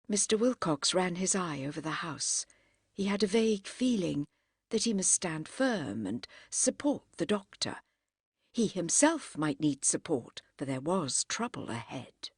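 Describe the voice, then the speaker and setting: A woman narrating a classic novel as an audiobook, measured and expressive. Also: on the low side, slightly rough, no echo, clean studio sound.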